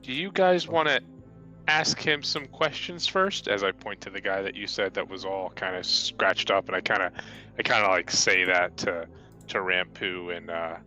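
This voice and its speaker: A man's voice: low-pitched, moderate pace, bright, forceful tone, soft background music. A man playing a tabletop role-playing game in a playful, joking way. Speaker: player.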